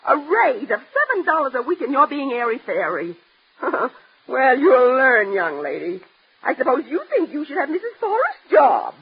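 Scolding middle-aged mother, high husky voice, rough gravelly edge, old radio play, muffled lo-fi sound. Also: wildly swooping pitch, moderate pace, full character voice. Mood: nagging. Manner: nagging, relentless. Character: nagging middle-aged mother, scolding her grown daughter. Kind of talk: 1940s radio acting. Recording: dull lo-fi old radio recording.

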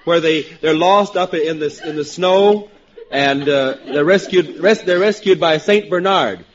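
A man pitching comedy ideas at a panel, halting and chuckling through his own jokes. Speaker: gag writer. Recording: dull lo-fi recording with audience.

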